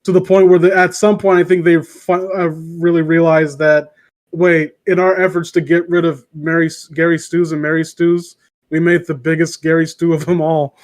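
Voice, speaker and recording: A young man co-hosting a casual group chat, animated and laughing often. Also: a little high, normal speed. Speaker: podcast co-host.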